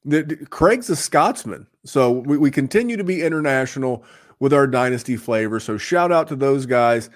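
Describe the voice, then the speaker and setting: A man of average pitch hosts a podcast in a loose, upbeat way. He rambles a little, stacking shout-outs and plugs as he goes, in an easy, casual chat. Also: animated, moderate pace. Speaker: podcast host.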